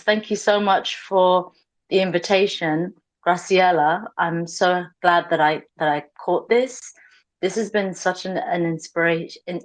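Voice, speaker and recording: London lady calling in, lowish voice, stops and restarts a lot, um and uh everywhere. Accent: London English. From London, England. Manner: halting, many restarts and fillers. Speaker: guest caller. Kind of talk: casual chat. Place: audio chat room.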